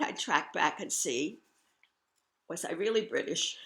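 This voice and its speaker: A woman's voice: on the low side, expressive, measured pace, fairly bright tone, roomy sound. An older woman from Scotland reading her personal memoir aloud, reflective with wry humor. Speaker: memoir reader.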